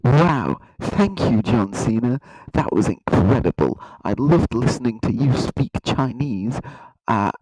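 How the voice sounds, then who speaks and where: A man's voice: medium pitch, lively intonation, measured pace, darkish tone, slightly rough, no echo, low-quality recording. A man hosting a satirical comedy video, rambling in a mock-serious way and often tripping over his words. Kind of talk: satirical monologue to camera.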